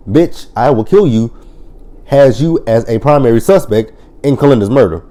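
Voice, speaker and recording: A man's voice: mid-range voice, moderate pace, dark tone. A man casually recapping and reviewing a TV drama episode, blunt and profane, animatedly retelling scenes and quoting lines. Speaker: TV show reviewer.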